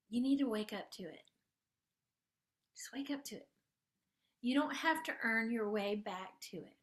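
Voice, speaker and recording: A woman with a fairly high voice leads a gentle spiritual coaching session that slides into guided meditation. She takes her time, stretching words out slowly. Her tone stays soft and tender, and it sometimes sinks to a hushed near-whisper. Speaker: host and spiritual life coach.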